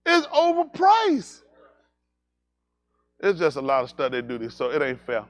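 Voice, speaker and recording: A man preaching, telling animated, jokey stories and slipping into high-pitched voices for characters. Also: fast talker. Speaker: pastor. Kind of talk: comedic storytelling sermon.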